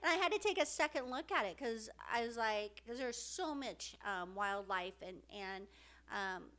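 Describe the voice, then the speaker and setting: A middle-aged woman co-hosting a casual podcast, speaking in a rather high voice. She talks with feeling, pausing and restarting often, and fills the gaps with soft fillers. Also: lively intonation. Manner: emotional, halting, many fillers and restarts. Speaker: podcast co-host. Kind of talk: heartfelt casual podcast chat.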